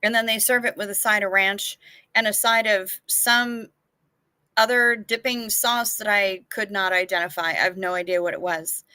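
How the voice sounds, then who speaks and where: A woman's voice: mid-range voice, steady tone, normal speed, pushed and bright, clean tone, dry recording. A woman hosting a casual livestream, chatting frankly and swearing freely as she answers viewer comments. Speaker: livestream host.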